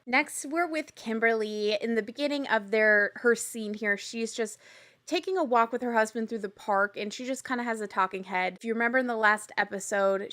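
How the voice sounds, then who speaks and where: A woman casually recapping a reality show, chatty and animated, with quick asides and laughs. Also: on the high side. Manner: acts out quoted lines in little voices.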